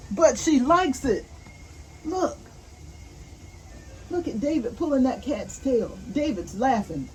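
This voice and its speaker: Faint roofing work sounds behind her and poor audio overall, an older woman with a high voice reads a picture book to her grandchildren. She goes slowly and gently, stopping to ask them questions.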